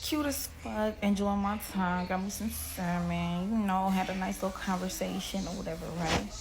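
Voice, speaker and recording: A woman casually telling a profane, animated story to her viewers. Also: medium pitch, normal speed.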